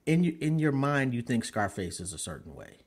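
A man hosting a casual interview, giving short relaxed reactions. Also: mid-range voice, brisk. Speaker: host.

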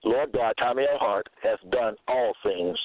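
A man giving a slow sermon, reading out scripture verses and checking in with "okay?". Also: mid-range voice, dry recording. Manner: reads verses slowly, repeats "okay?". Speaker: preacher. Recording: tinny phone-line sound.

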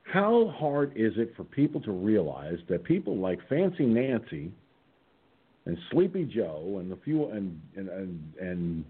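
A combative man hosts a political radio talk show, sarcastic and blunt. His voice sits low and a bit husky, rising and falling a lot. The sound is thin and tinny, like a phone line. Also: very animated, unhurried. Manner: sarcastic, combative, reads his own posts aloud.

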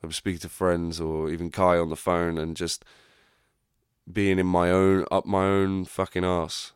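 With a low, monotone voice that's smooth and a little slow, a young man hosts a podcast, rambling candidly in a casual reflective monologue peppered with swearing. The recording is studio quality with no echo.

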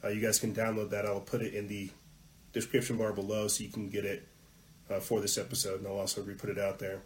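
A man hosting a political podcast, ranting heatedly, muttering asides then hitting words loudly, with some swearing. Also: fairly low pitch, completely flat delivery, fast talker, slight background noise, poor audio. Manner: heated, ranting, swings between muttering and loud emphasis; profane at peaks. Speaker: podcast host.

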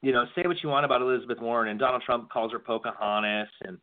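Podcast co-host, male, mid-pitched, rambling casual talker, narrow tinny audio. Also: steady tone, fast talker. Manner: rambling, repeats words when starting sentences. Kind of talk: casual political chat.

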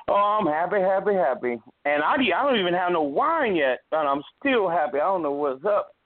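A middle-aged man calls in to a radio show, boisterous and playful, with a touch of laughter in his voice. His pitch sits a little high for a man, squeezed through a tinny, dry phone line. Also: sing-song, unhurried, dry recording. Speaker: caller.

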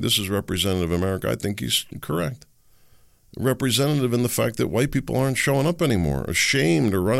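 A man's voice: lowish voice, vocal fry, no echo. A man hosting a political commentary podcast, talking alone with sarcastic, rhetorical questions to his listeners. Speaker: podcast host.

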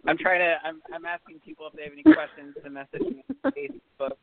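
A man's voice: high-pitched, very animated, quick pace, creaky, no room sound. Hesitant man host on a phone line. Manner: hesitant, many fillers and restarts when asking questions. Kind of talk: casual podcast interview. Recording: tinny phone-line sound.

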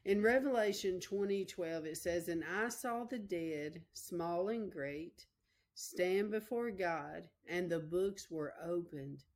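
A woman's voice: on the low side, slow, a little mellow. A woman preacher, telling a personal story in a folksy, emotional way during a sermon.

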